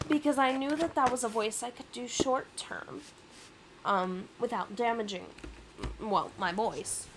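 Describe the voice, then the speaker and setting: A woman's voice: a little high, slow pace, long pauses, background noise. A woman streamer chatting casually with viewers between readings, her throat sore, laughing often and poking fun at herself. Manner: chatty, giggly, self-deprecating. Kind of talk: casual live-stream chat.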